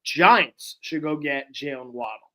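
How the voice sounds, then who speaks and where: Blunt, opinionated young man, pitched up. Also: a little slow, sharp tone. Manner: blunt, opinionated, trash-talking. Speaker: podcast co-host. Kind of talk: casual sports chat.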